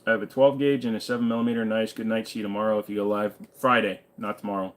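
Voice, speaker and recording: A man's voice: on the low side, little pitch movement, very fast. A tired man hosting a livestream in a casual, laid-back way, reading viewer comments aloud and answering them. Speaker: livestream host.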